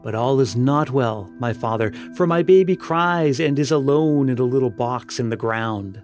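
A man's voice: medium pitch, normal speed, darkish tone, natural voice. A man voicing the anguished ghost of a young mother in a gothic story, pleading as she speaks. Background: music.

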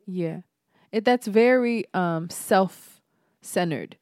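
A woman's voice: medium pitch, drawn-out words, darkish tone, no echo, clean studio sound. A young woman hosting a podcast in casual chat, telling stories animatedly with street slang and teasing her guest. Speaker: podcast host.

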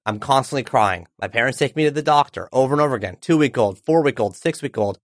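A man in his forties, an author guest on a podcast, telling a personal story in an animated, emphatic way. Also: medium pitch, quick pace, dry recording, clean studio sound. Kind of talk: storytelling in an interview.

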